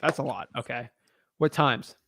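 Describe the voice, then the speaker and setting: A man's voice: medium pitch, normal speed, creaky, sharp tone, no room sound, studio quality. A man coaching on real estate wholesaling, blunt and casual, calling people man and dude. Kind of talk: casual advice on a call.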